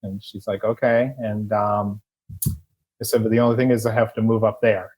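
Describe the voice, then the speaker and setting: A man's voice: fairly low pitch, normal speed, husky. Chatty man telling a long story. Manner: rambling, chatty, relaxed storyteller. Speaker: podcast guest. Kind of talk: casual storytelling interview.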